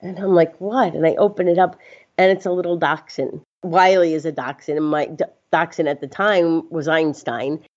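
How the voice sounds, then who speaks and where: A woman's voice: low-pitched, normal speed. Chatty woman telling a story, muffled sound. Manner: animated, laughs often, acts out quotes. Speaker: interview guest. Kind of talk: casual storytelling. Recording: slightly dull lo-fi sound.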